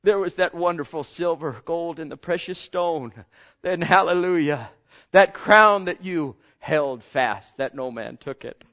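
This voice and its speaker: A man preaching a sermon with passion, swinging between loud pleading and hushed, almost whispered lines. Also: on the high side, measured pace. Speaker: pastor. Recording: lo-fi dull sound.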